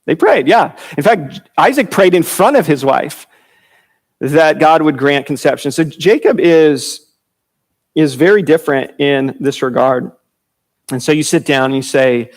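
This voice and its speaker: A man's voice: fairly high pitch, unhurried, gravelly. Casual, chuckling male preacher. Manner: informal, chuckling, frequent fillers and restarts. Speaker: pastor teaching the Bible. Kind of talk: conversational sermon teaching.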